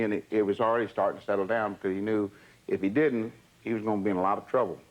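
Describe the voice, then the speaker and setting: An older man, telling stories in an interview in a measured, plainspoken way. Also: on the low side, steady tone, muffled recording. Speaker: interviewee, former entourage member. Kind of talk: storytelling reminiscence.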